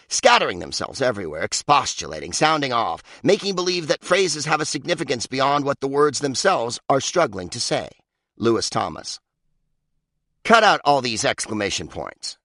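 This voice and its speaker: A man's voice: medium pitch, fairly bright tone, no echo, studio quality. A man reading his own comic book aloud, sardonic and mock-pompous, with big swoops for emphasis. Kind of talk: comic audiobook narration.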